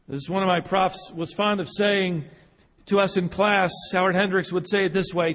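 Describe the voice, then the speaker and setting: A man's voice: sits high, steady tone, normal speed, a bit bright. A man delivering a sermon, telling a story with frequent restarts and repeated words, then building to emphatic peaks. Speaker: preacher. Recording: hall reverb.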